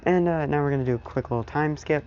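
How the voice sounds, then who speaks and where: A man casually narrating an improvised fan story, rambling and filling every pause with "you know". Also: on the high side, darkish tone, highs cut off, slight background noise.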